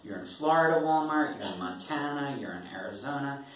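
A man's voice: mid-range voice, animated, fairly quick, a bit bright, a little hiss or hum. A man, a poet, casually telling an audience about his writing in a rambling, wry way, laughing often. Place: performance venue. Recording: echoey room from far off.

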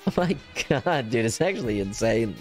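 Wildly animated excitable male gamer. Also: moderate pace, over music. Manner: hyper and excitable, jumping from squeals to low mutters; playful self-teasing chatter. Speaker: gaming channel host. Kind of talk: live gameplay commentary. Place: at home with a cat on his lap.

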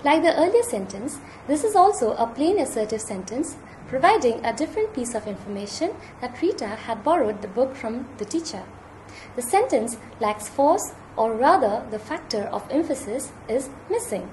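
A woman with an Indian English accent, a university lecturer giving a recorded lesson in a measured, formal teaching manner. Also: a little high, sing-song, warm tone, slight background noise.

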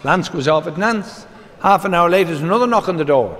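An Irish man, a comedian, doing live stand-up, briskly rattling off short jokes as quick back-and-forth exchanges. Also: high voice, animated, a bit bright. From Ireland. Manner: brisk storyteller, rattles off quoted exchanges with repeated "he says". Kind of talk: live stand-up joke telling. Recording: reverberant venue with background noise.

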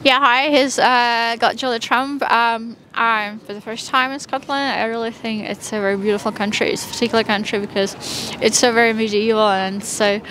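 A woman street singer answering interview questions quickly, with many fillers. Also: on the high side, steady tone, fairly bright tone, a little hiss or hum. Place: busy outdoor street. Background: crowd.

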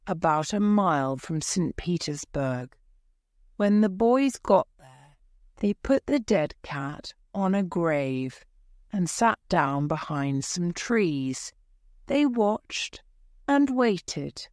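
Slow, low-voiced woman reading a story. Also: a little mellow, dry recording, studio quality. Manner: clear, deliberate. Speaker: story reader. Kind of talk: slow storybook narration for English learners.

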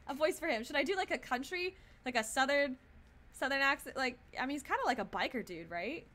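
Excitable, high-voiced young woman streamer. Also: a little fast. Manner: excitable, profane, laughs and shouts often. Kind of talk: casual let's-play commentary. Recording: game music playing behind.

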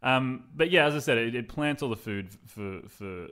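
A man's voice: medium pitch, lively intonation, moderate pace, fairly bright tone, clean tone. A young Australian man chatting on a podcast, retelling a story loosely with lots of "like" and playful asides. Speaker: podcast co-host. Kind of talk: casual podcast chat.

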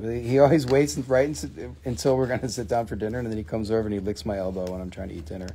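A man's voice: lowish voice, quick pace, hardly any pauses, warm tone, slightly rough. A man hosting a live stream, chatting casually and joking as he shows and prices stones for sale. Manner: chatty, jokey salesman talk. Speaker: host selling minerals on a live stream. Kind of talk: casual live sales chat.

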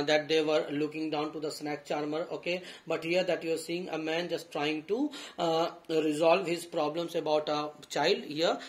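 A man teaching a story lesson, reading lines aloud and then paraphrasing them with halting restarts. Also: fairly high pitch. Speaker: school teacher.

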